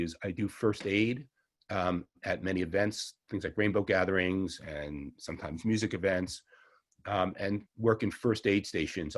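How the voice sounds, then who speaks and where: A middle-aged man with a Long Island New York accent talks through a class in a loose, rambling way, often correcting himself as he goes. His voice sits on the low side and has a husky, slightly rough grain. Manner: rambling, chatty, self-correcting with small laughs. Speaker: herbalist teacher. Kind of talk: casual online class lecture.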